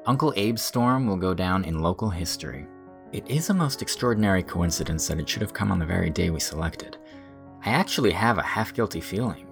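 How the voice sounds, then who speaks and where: A man voicing an earnest young schoolteacher in a full-cast audiobook, speaking in a steady, good-humoured way. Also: low-pitched.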